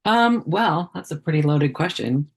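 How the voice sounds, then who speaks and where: A woman with a low-pitched voice talks casually as a podcast guest. She wanders through her answers with frequent ums and false starts. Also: animated, a little slow, husky. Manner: chatty, many fillers and restarts. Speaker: puppeteer guest. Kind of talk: casual interview chat.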